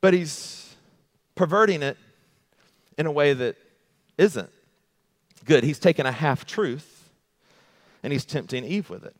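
A male pastor preaching an animated sermon, repeating rhetorical questions to the congregation. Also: on the high side, unhurried, pauses often. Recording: long hall reverb.

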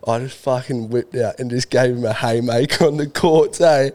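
A man's voice: mid-range voice, moderate pace, a little mellow. A young man co-hosting a casual podcast, telling a story with laughs and swearing. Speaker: podcast co-host.

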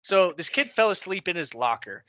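A young man co-hosting a podcast, animated and profane as he tells army stories with laughs. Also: high voice, moderate pace, no room sound. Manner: animated storyteller, swears freely, laughs while talking. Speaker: podcast co-host. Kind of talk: casual chat, swapping army stories.

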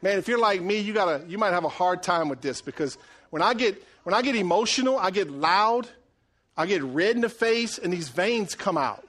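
A middle-aged man preaching a sermon, animated and joking, swinging between loud and hushed delivery. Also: high voice, normal speed. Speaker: pastor.

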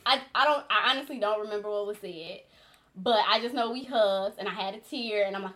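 A woman in her thirties hosting a podcast, telling a story in casual chat and acting out quotes with a lively voice. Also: medium pitch, a little fast. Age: 30s. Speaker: podcast host.

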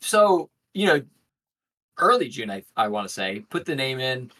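Man, podcast co-host, animated storytelling, lively pitch, bright tone, deadpan asides. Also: normal speed, low-quality recording. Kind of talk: casual chat.

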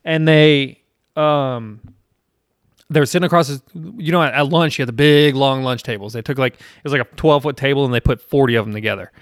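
A man's voice: medium pitch, brisk, dry recording, studio quality. A man in his thirties from South Carolina, hosting a casual chat and telling a rambling, profane story with self-deprecating laughs.

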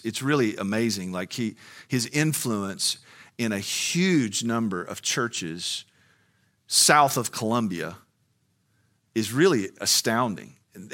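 A man's voice: on the low side, sharp tone. A man preaching a sermon, moving from a conversational tone to fiery, soaring emphasis. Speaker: pastor.

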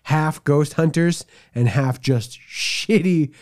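A man co-hosting a casual podcast chat, animated and joking, often slipping into silly quoted voices. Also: a little high, slow pace. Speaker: podcast co-host.

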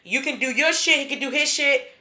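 Bright-voiced blunt woman podcast co-host. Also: high voice, fairly quick. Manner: blunt, swears freely, laughs often. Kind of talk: casual podcast chat.

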